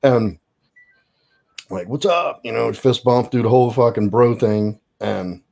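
A man telling a story in casual chat as a guest, profane and animated. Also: fairly low pitch, unhurried, creaky.

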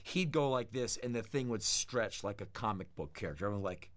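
A man in his thirties from the United States, telling blunt, animated stories about his childhood in an interview. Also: fairly low pitch, brisk, hardly any pauses. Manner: blunt, animated anecdotes, acts out quoted voices. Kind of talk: candid storytelling interview.

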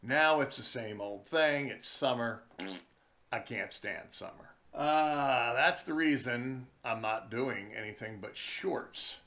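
A man's voice: medium pitch, pushed and bright. A man who runs fishing charters, telling wry stories in a chatty, casual vlog from his den indoors. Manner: slow, chatty, wry storytelling.

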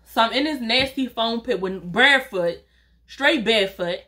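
A woman YouTuber chats animatedly through a storytime vlog, addressing her viewers directly and swearing casually. Her voice sits a little high, and she speaks at a normal pace.

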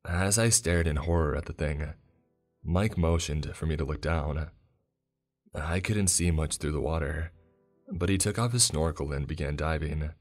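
A man with an extremely deep voice tells a scary story in an unhurried, even delivery. His narration is scripted and steady, built to hold a listener through a long night of creepy tales. Faint music sits low beneath his words.

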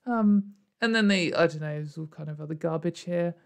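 A woman's voice: on the low side, moderate pace, vocal fry. Sarcastic woman, rambling commentary. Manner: sarcastic, laughing, rambling with many fillers. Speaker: YouTuber. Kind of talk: casual commentary vlog. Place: at home in front of a camera.

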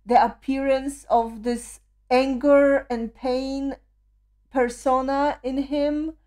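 A woman's voice: high-pitched, warm tone. A woman hosting a music video reaction, talking emotionally with frequent awed exclamations.

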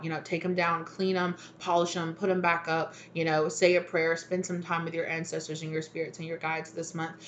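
A lower-pitched woman talks through a tarot reading as casual spiritual advice. She rambles in a chatty way and keeps checking in with "right?" The sound is dull and lo-fi, with a faint hiss underneath. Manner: rambling, chatty, peppered with "you know" and "right?". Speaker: tarot reader. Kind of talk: casual spiritual guidance talk.

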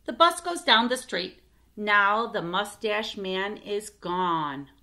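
A woman reading a picture book aloud for children, expressive, with asides to her listeners. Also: mid-range voice, slow pace. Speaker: storytime reader.

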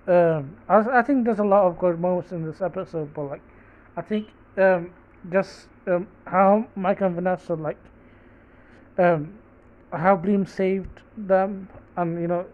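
A podcast host giving a casual solo review, talking haltingly with many fillers and restarts. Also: mid-range voice. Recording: tinny phone-like recording.

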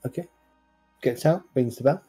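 A man narrating as game master of a tabletop game over an online call, describing scenes at an unhurried pace. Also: medium pitch, warm tone, husky, faint music behind, low-quality recording.

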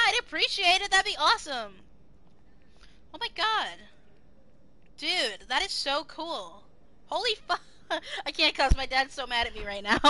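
A young woman streaming live, chatting excitably to her viewers, swearing freely and singing along to music now and then. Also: high-pitched. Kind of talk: casual live-stream chat.

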